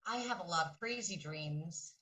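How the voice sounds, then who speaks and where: Bright-voiced woman telling a dream. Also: fairly low pitch, expressive, normal speed, far from the mic, poor audio. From Philadelphia area. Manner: earnest, vivid storytelling. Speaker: caller. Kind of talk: recounting a dream.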